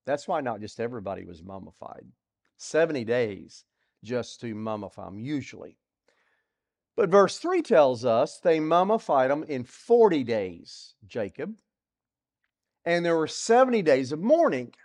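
A man teaching through a Bible passage in a sermon, asking rhetorical questions and swinging between loud and soft. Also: mid-range voice, big pitch swings, unhurried. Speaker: preacher.

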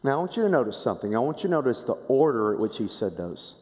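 A pastor delivers a sermon, swinging dramatically between hushed low phrases and raised, emphatic ones while repeating rhetorical questions. He is very animated and rapid-fire, and the sound carries the feel of a big room.

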